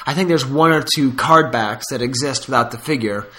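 In a mid-range, bright and forceful voice, a male podcast host speaks fairly quickly. He rambles casually through stories, laughing and drifting into asides.

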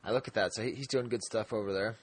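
Husky man co-hosting a podcast. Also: lowish voice, fairly even intonation, fast, no echo. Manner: rambling, laughs often, many restarts. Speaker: podcast co-host. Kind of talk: casual chat.

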